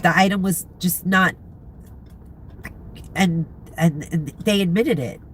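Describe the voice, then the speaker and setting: A middle-aged, congested woman chatting casually with viewers from inside a car, rambling and pausing to recall names. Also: lowish voice, slight background noise. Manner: rambling, chatty, searching for names, frequent laughs. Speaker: vlogger chatting with live viewers. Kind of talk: casual chat.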